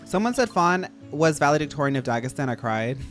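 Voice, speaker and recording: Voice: medium pitch, sing-song, brisk, fairly bright tone, soft background music. A streamer with an American accent chatting casually and giggling through a game livestream, with lots of filler words.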